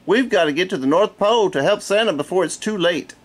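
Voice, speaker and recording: A man voicing a gentle, simple-minded male teddy bear in a storybook reading, earnest and wide-eyed. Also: high voice, expressive, fast talker, voice pushed up.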